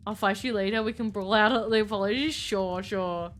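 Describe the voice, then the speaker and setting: A woman's voice: medium pitch, normal speed, hardly any pauses, a bit bright, slight background noise. A woman chatting casually with her chat while live-streaming a game, rambling and filling with "like".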